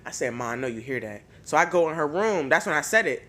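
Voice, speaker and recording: Animated, swearing woman podcast host. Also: low-pitched, quick pace. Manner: animated, profane storytelling. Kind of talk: casual podcast chat.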